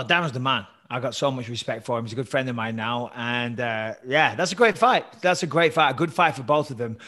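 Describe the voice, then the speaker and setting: A man co-hosting a casual sports chat, animated, laughing and swearing freely. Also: mid-range voice. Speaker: podcast co-host.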